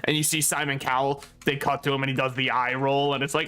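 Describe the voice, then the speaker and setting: A man's voice: mid-range voice, a little fast, pushed and bright, clean tone. A young man streaming a game, talking casually with a joking, sarcastic manner and frequent laughter. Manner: joking, sarcastic, laughs often, swears freely. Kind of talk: casual gameplay commentary. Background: faint game music.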